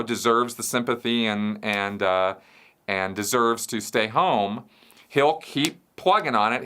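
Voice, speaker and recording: A man's voice: medium pitch, sharp tone. A man hosting a question show, explaining an idea step by step and often checking in with the listener. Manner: explains step by step, checks in with "right?" and "you see". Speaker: show host answering viewer questions. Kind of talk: explanatory solo talk.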